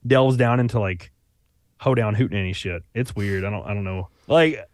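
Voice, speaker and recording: A man's voice: fairly low pitch, normal speed. A man in his thirties with a Southern US accent, chatting loosely as a podcast guest, rambling and swearing freely. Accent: Southern US (Alabama). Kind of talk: casual chat.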